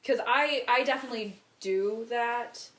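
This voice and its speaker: A blunt, outspoken woman hosts a podcast and exaggerates her opinions for effect. Her voice sits a little higher than most, and the roomy recording adds a clear echo. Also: measured pace, a bit bright. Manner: blunt, exaggerating, laughs often. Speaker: podcast host. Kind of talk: casual chat.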